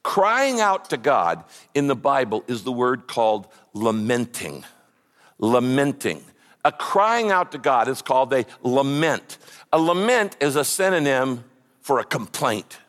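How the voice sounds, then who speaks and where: A man's voice: medium pitch, very animated, a little slow, a bit bright. A man preaching a sermon with passion and emphatic repetition, in a large hall. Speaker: pastor. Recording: echoey hall.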